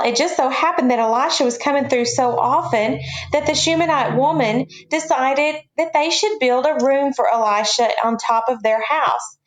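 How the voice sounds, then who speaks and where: A woman teaching a children's Bible class, telling a story in an animated way and asking the kids questions. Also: sits high, roomy sound.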